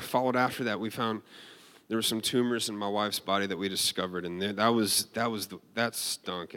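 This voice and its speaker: Animated man preaching a sermon. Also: on the low side. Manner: conversational storytelling, animated, frequent restarts.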